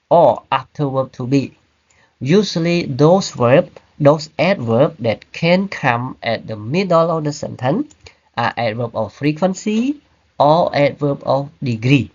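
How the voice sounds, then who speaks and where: A man teaching an online grammar class, explaining slowly and checking in with "right?" and "okay?". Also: on the high side, muffled recording. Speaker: English teacher. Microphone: computer mic on a video call.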